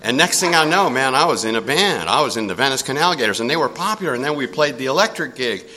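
An older man telling a personal story in a casual, animated way, chuckling often. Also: mid-range voice, fast talker.

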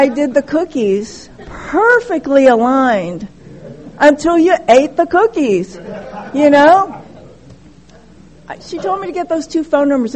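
A middle-aged woman speaking at a recovery meeting, telling her story candidly and haltingly, with many restarts. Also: high voice, a little mellow, low-quality recording. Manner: halting, frequent restarts and "you know", candid. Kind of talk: personal recovery share, casual storytelling.

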